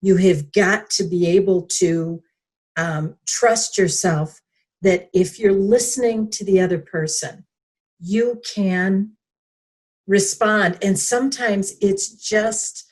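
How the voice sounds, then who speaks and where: Slow, breathy-voiced woman guest. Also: medium pitch, darkish tone. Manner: reflective, with hesitant fillers. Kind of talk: conversational interview.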